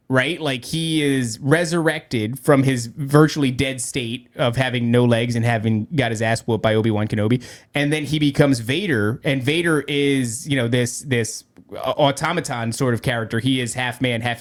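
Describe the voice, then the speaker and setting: A man hosting a podcast in casual chat, rambling and joking with many restarts. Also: mid-range voice. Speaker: podcast host.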